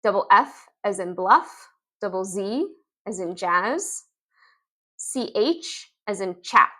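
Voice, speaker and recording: A woman explaining reading lessons in an upbeat instructional video, sounding out letters and words slowly. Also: mid-range voice, expressive, sharp tone. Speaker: literacy teacher.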